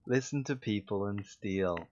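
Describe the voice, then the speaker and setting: An Irish man with a Dublin accent and a very low voice, chatting on a livestream. He tells stories with fillers and restarts, poking fun at himself. The recording sounds slightly dull and lo-fi. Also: unhurried, darkish tone. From Ireland. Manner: anecdotal, self-mocking, with frequent fillers and restarts. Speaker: voice actor streaming. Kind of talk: casual livestream chat.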